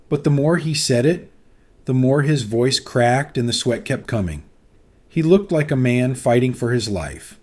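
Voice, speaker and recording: Man, narrator, dramatic, suspenseful, scripted story, mid-pitched. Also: animated, measured pace, darkish tone.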